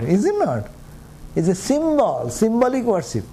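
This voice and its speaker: A man's voice: high voice, big pitch swings, normal speed, creaky, dark tone, a little hiss or hum. Chuckling older man giving a spiritual talk. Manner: rhetorical, chuckling, asks "huh?" and "is it not?". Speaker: spiritual teacher. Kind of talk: humorous spiritual discourse.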